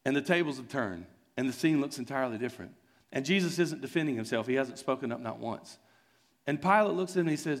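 Man preaching, storytelling, casual and earnest, middle pitch voice. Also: expressive, fast talker. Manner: retells scenes with voiced quotes, conversational and earnest. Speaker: pastor. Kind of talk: sermon storytelling.

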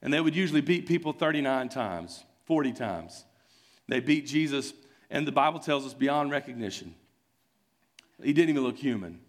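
A man's voice: medium pitch, expressive, normal speed. A man preaching a sermon, retelling a scene in an earnest, conversational way. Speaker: pastor. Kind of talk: sermon storytelling.

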